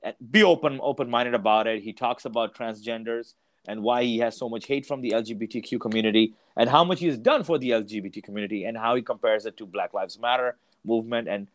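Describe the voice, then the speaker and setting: A man's voice: mid-range voice, fast. A man co-hosting a comedy podcast, talking emphatically in casual chat and saying "bro" a lot.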